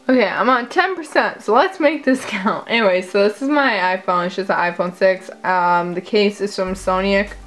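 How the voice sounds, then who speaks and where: Young woman rambling thru a phone vlog, goofy, chatty, laughs at herself, mid pitch, faint music behind. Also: animated, normal speed, few pauses, fairly bright tone. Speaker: vlogger. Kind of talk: casual chat.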